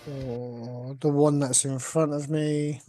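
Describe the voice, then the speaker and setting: A man's voice: on the high side, little pitch movement, takes it slowly. A man playing a tabletop game, casual and self-deprecating about his dice rolls. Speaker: player. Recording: faint guitar music behind.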